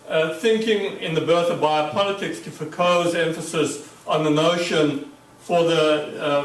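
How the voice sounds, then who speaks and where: A man giving an academic conference talk, halting, with many fillers and restarts. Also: on the high side. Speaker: academic speaker. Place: lecture room. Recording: echoey room, mic far off.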